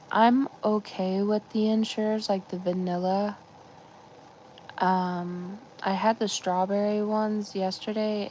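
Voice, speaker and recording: A live-stream host with a medium-pitched, slightly mellow voice talks to her viewers, whom she calls "guys," in a casual, rambling chat full of fillers. There is a little hiss or hum in the recording.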